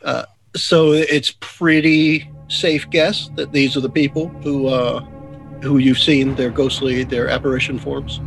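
A man's voice: medium pitch, little pitch movement, unhurried, vocal fry, soft background music, poor audio. A man narrating as game master of a tabletop game, rambling and laughing, searching for words as he describes the scene.

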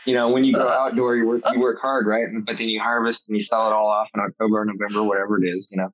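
Low husky man telling stories. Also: little pitch movement, quick pace, a bit bright. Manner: storytelling, swears freely. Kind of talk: casual chat. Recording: dull lo-fi sound.

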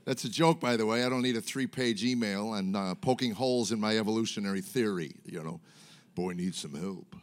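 Speaking briskly in a lowish voice, a middle-aged stand-up comic tells rambling, self-mocking stories stuffed with fillers to a live audience on a comedy stage.

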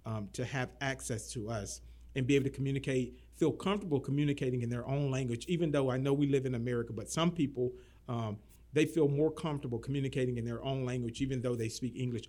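Earnest man, city manager, mid pitch. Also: quick pace, warm tone. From Florida. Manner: earnest, repeats words when starting. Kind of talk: casual interview talk.

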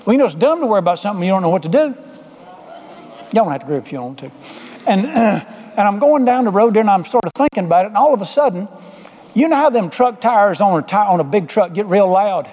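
A man's voice: sits high, very animated, fast, a little mellow. An older man preaching a folksy, humorous sermon full of stories. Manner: folksy, humorous, drawling storyteller. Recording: echoey hall.

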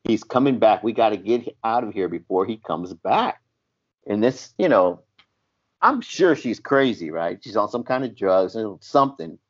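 A man's voice: on the low side, normal speed. A man who used to be a paramedic, chatting casually and telling a story animatedly, acting out the voices in it. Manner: animated, acts out voices in his stories. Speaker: former paramedic telling stories. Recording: dull lo-fi audio.

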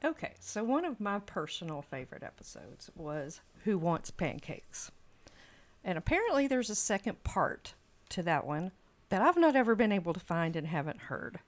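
A woman's voice: on the low side, sing-song, moderate pace. A woman interviewing a rideshare driver, asking questions in a playful, teasing way. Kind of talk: casual podcast interview.

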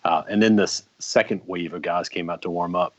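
A man's voice: low voice, fairly even intonation, a little fast, no echo. A man in his forties, a podcast co-host, telling a casual story with lots of ums and restarts. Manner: rambling anecdotes with many ums and restarts. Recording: dry, slightly muffled podcast mic.

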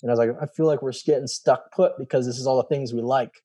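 A man tells a personal story in casual talk, speaking fast in a mid-range voice with a breathy edge. He is an animated guest who acts out quoted dialogue, using many fillers and saying "I was like" again and again.

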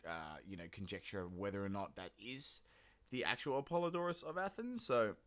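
Brief: man, low voice, casual rambling history podcast host. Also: expressive, brisk, fairly bright tone. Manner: rambling, many fillers, jokey put-on voices.

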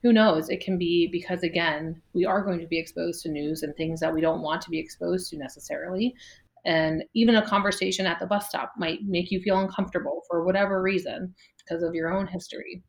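A woman's voice: on the low side, steady tone, a little fast, creaky. A woman around forty, a physical therapist guest, chatting casually in a podcast interview, laughing often and using many fillers.

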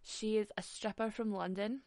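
A woman's voice: medium pitch, steady tone, normal speed, a little mellow, no room sound. A young Scottish woman hosting a podcast on her own, talking frankly and swearing freely, with frequent laughs. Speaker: podcast host. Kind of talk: casual solo podcast chat.

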